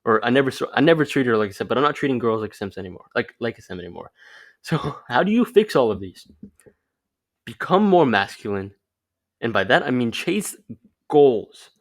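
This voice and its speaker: A young male vlogger gives dating advice in a casual, loose monologue, rambling and sprinkling "like" between phrases. He's very animated and brisk, with an ordinary middle-pitched voice, talking the way you would with a friend.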